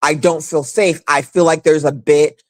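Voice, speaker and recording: A woman's voice: low-pitched, steady tone, normal speed, dry recording, low-quality recording. A woman hosts a casual livestream, speaking frankly and rambling, often restarting her sentences. Her voice sounds close and dry, with little room sound around it. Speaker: livestream host. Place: abroad, away from home.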